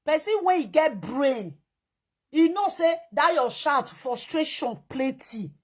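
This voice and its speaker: High-pitched scolding Nigerian woman. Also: slow. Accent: Nigerian Pidgin English. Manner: scolding, animated, mimics and sing-songs. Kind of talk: casual commentary rant.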